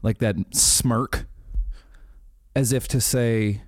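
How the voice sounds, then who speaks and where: A man in his thirties chats casually and swaps stories with a swear-laden, animated delivery. His voice sits low and mellow. It is recorded close up in a dry space. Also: normal speed, no echo. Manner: animated storytelling with quoted impressions, swearing and laughs. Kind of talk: casual chat.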